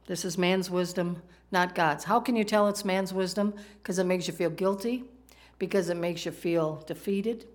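A woman preaching a sermon, talking conversationally and asking the congregation questions. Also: on the low side. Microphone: microphone, PowerPoint slides in a church.

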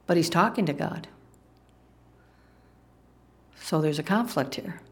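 A woman's voice: deep voice, lively intonation, takes it slowly, creaky. A woman preacher giving a sermon, emphatic, asking the congregation rhetorical questions and explaining the meanings of Greek words.

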